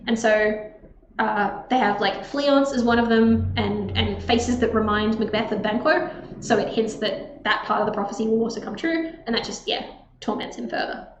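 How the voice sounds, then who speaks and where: A woman's voice: a little high, normal speed. A woman explaining a literature text to students in a casual, chatty way with many fillers. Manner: chatty, filler-heavy, stresses words in read quotes. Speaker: tutor presenting a text analysis lesson. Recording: slightly roomy with faint background hiss.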